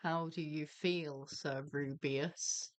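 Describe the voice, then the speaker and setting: A woman's voice: low-pitched, fairly even intonation, takes it slowly, dry recording. A woman playing a tabletop game, chatting in a gushing, giggly manner. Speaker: player. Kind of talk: casual tabletop game chat.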